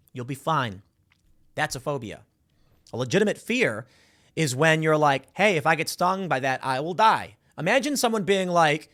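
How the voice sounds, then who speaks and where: A man hosting a solo political commentary, animated and sarcastic, acting out little voices to make his points. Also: on the high side.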